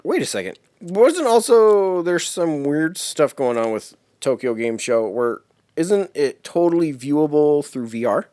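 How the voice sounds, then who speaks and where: A man co-hosting a casual gaming podcast, laid-back and quick to laugh, swearing casually and often answering with short agreements. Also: on the high side, sing-song, mellow, no room sound. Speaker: podcast co-host. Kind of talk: casual chat.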